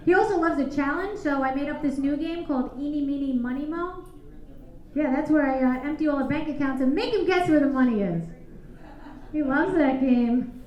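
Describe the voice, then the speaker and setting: A woman in her forties doing a brash stand-up set with deadpan punchlines, talking to the crowd from a comedy club stage into a handheld mic. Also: high voice, normal speed. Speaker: stand-up comedian hosting a show. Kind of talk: stand-up routine. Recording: echoey club, slightly dull sound.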